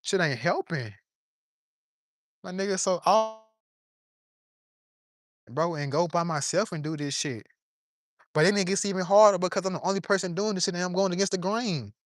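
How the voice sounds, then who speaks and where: Speaking at normal speed with long pauses, a high-voiced vlogger preaches to the camera from his yard. Though a little under the weather, he keeps the monologue impassioned, profane, and full of plain street talk. The audio is dry and studio quality.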